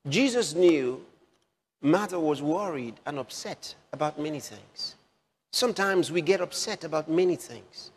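A man preaching a sermon, slow and emphatic, repeating key phrases for effect. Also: on the high side, animated, husky, long reverb tail.

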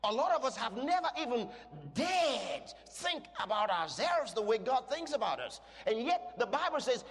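Male preacher, very high voice, lively swooping pitch, emphatic, shouts at times, long hall reverb. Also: normal speed, few pauses. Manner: emphatic, bursts into shouted declarations; asks the congregation questions. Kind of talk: sermon.

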